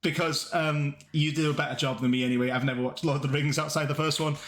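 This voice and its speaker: A man's voice: fairly high pitch, steady tone, fast talker, a bit bright. A man, host of a live script read, reading the stage directions and laughing often. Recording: echoey room.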